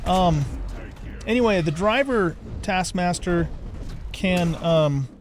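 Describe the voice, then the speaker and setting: An older man giving laid-back let's play commentary in a slightly high voice, drifting between thoughts and then suddenly speeding up with excitement. A faint hiss sits behind him. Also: takes it slowly. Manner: chatty, rambling, bursts of excitement. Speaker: gaming channel host.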